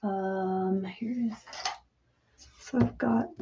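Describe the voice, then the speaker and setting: A woman's voice: fairly high pitch, a little slow. A woman hosting a casual craft-along livestream, chatting with viewers and thinking aloud as she measures and cuts. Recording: dull, lo-fi home stream with clear background noise.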